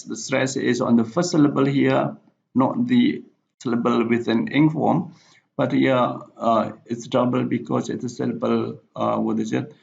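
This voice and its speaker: A male teacher giving a recorded slide lecture, halting with frequent fillers and self-corrections. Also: medium pitch, vocal fry, darkish tone, a little hiss or hum. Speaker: English teacher. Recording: dull lo-fi recording.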